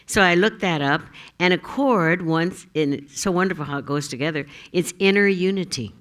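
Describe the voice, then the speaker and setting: A woman minister giving a Sunday sermon in a giggly, animated way, fond of jokes. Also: fairly low pitch, normal speed. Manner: giggly, joke-telling, animated.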